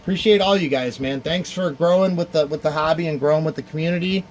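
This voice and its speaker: A man from the Cleveland area hosts a casual livestream charity card auction, talking fast in a fairly high voice over a little hiss or hum. He rambles warmly, thanking viewers one by one by name.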